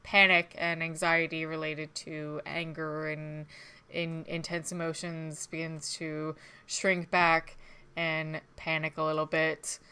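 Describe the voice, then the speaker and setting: Bright, clear woman game master. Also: sits low, flat delivery, slow. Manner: descriptive narration with many "uh"s. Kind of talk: narrating a tabletop game.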